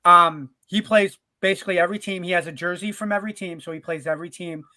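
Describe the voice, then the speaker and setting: A man co-hosting a sports podcast, telling stories in a casual, animated way. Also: high-pitched, quick pace, dry recording. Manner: animated storyteller, acts out quotes. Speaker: podcast co-host.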